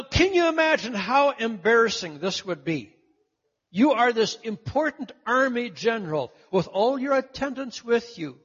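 A man preaching a sermon, telling the story with animated delivery and acting out the voices of the people in it. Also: very high-pitched, a little slow, breathy edge. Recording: muffled, echoey hall.

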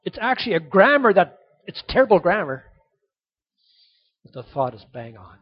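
A man preaching a sermon, asking rhetorical questions and swinging between loud emphasis and hushed, soft passages. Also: sits high, very animated, normal speed, dull audio. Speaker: pastor.

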